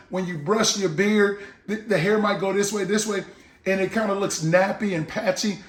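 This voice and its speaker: A man with a high, reverberant voice records a casual, jokey vlog to camera. He talks up his own beard oil and acts out little scenes in this casual product talk.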